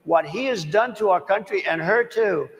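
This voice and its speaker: A man's voice: sits high, moderate pace, creaky. A man answering questions at a press panel in a combative way, hammering and repeating his points. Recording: long reverb of a large hall.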